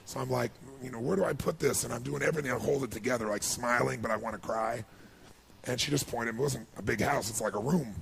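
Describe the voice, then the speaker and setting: A man telling an emotional story to a seminar audience, building to excited outbursts. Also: mid-range voice, fast talker, creaky, crowd noise. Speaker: motivational speaker. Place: large seminar hall with audience.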